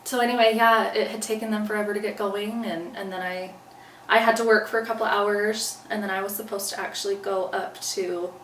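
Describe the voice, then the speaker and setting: A woman's voice: mid-range voice, fairly even intonation, a little fast, hardly any pauses. A woman recounting a personal story as an interview guest, earnestly acting out what she said back then. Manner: earnest, retells events by acting out her own past lines. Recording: roomy, distant mic, faint background noise.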